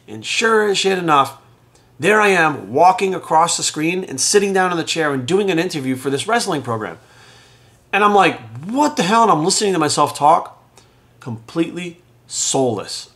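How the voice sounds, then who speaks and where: A middle-aged man telling his own story in a frank, conversational way, swearing casually and getting animated as he recalls events. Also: mid-range voice. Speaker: podcast host telling his recovery story. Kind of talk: candid personal storytelling.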